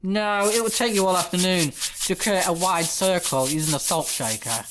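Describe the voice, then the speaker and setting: A man's voice: sits high, normal speed, noisy background. A British man commenting on a horror game as he plays, sarcastic and swearing often. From United Kingdom. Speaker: gaming YouTuber. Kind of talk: gameplay commentary.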